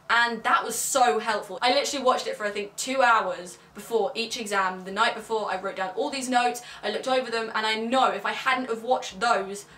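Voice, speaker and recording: A woman's voice: on the high side, bright, forceful tone, reverberant, recorded from a distance, slight background noise. A teenage girl, chatting emotionally and rambling in a casual vlog. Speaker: vlogger.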